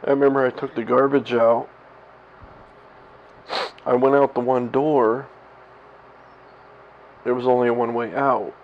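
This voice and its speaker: A man's voice: mid-range voice, fairly even intonation, a little slow, pauses often. A man in his thirties telling a story straight to his camera at home, rambling, swearing and laughing at himself. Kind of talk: candid personal vlog monologue. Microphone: camera mic. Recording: slightly dull lo-fi camera audio with faint hiss.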